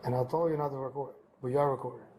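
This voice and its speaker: A man's voice: mid-range voice, steady tone, very fast, darkish tone, poor audio. A man working as a police officer, giving firm, clipped commands on bodycam audio. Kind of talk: bodycam footage. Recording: bodycam audio with faint background noise.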